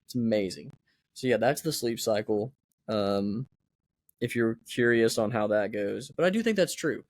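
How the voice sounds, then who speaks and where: A man's voice: on the low side, animated, normal speed, darkish tone, no room sound, studio quality. A young man hosting a podcast alone, rambling in a casual, chatty, self-mocking way. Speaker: podcast host. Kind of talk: casual solo podcast chat.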